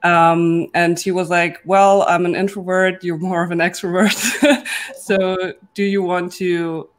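A woman's voice: fairly low pitch, flat delivery, measured pace. A young woman, a guest entrepreneur, telling her story in a casual, chatty way with many fillers. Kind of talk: casual panel chat.

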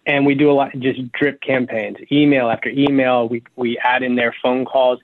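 A man who owns a law firm, talking as a guest in an interview in an energetic, practical way and repeating words while he thinks. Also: medium pitch, moderate pace, no room sound. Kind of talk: interview conversation. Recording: tinny phone-like line, dry.

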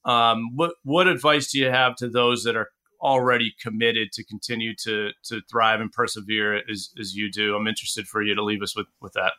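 A man hosting an interview, asking questions in a halting way with repeated words. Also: fairly low pitch, fairly even intonation, sharp tone. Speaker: podcast host.

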